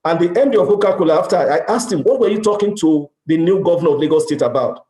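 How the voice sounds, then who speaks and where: This is a motivational business talk from a middle-aged Nigerian conference speaker with a Nigerian accent, his voice fairly high, animated, fast, and warm. He dramatizes dialogue and leans on emphatic repetition, and the large hall gives the sound an echo.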